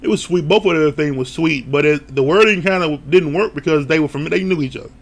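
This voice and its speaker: Man, show reviewer, casual recap, slightly high voice, gravelly, laughs a lot. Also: brisk. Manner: animated storytelling, laughing often; swears casually.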